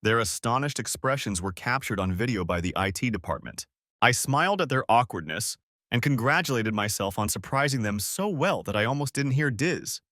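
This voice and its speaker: A man narrating a first-person story in an expressive storytelling manner. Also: medium pitch, normal speed, no echo, clean studio sound.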